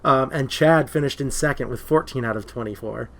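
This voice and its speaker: Male co-host, casual movie banter, rambling and excitable, mid-range voice. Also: medium pitch, fairly quick, crowd noise. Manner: rambling, excitable when retelling stories. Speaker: podcast co-host.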